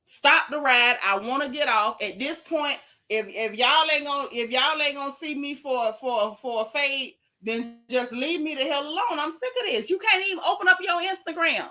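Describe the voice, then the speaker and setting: A woman's voice: sits high, moderate pace, sharp tone. A woman hosting a livestream podcast, ranting in a casual, exasperated and emphatic way with dramatic repetition. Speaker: podcast host.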